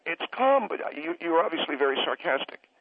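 A man's voice: fairly high pitch, a little fast, no echo. Condescending man over a tinny phone line. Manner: condescending, keeps interrupting to calm the host. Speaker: caller. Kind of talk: radio call-in argument.

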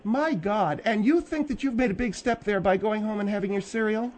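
A man's voice: sits high, brisk, darkish tone, pitched above the performer's own voice, close to an everyday voice. A man voicing a blunt, scolding middle-aged woman, a guest in a radio studio. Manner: blunt, mocking.

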